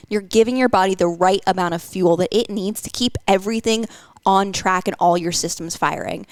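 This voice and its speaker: A woman explains nutrition in a loose, chatty podcast style, full of fillers. Her voice sits at a middle pitch. The sound is dry and close to the mic. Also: no room sound. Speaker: nutrition coach, podcast host. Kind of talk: casual podcast chat.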